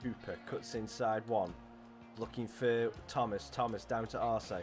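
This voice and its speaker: Streamer guy narrating his football game, excitable and jokey, talks to the ref. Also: lowish voice, measured pace, soft background music. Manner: jokey, excitable play-by-play, talks to players and referee. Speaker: gaming streamer. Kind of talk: live commentary over a football video game.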